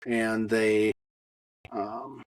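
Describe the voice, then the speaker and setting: Halting man telling a raw personal story. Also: lowish voice, level tone, no room sound, low-quality recording. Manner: halting, with many fillers and blunt profanity. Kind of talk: personal testimony monologue.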